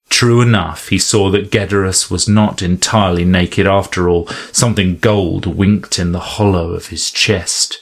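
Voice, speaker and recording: Male narrator, low husky voice, measured dramatic audiobook reading. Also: fairly even intonation, fairly bright tone.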